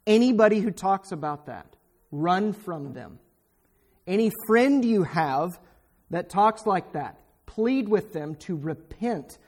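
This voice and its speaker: A man preaching a sermon in a fervent, exhorting way, speaking straight at his listeners with sudden emphatic bursts. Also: high voice. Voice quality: pointed, direct address to listeners.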